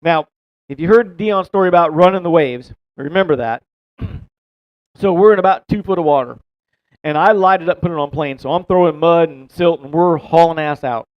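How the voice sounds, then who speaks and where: A man's voice: on the high side, a little fast, no echo. A man telling a long fishing story in a casual, rambling way, laughing and swearing as he goes. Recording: dull, dry close-mic sound.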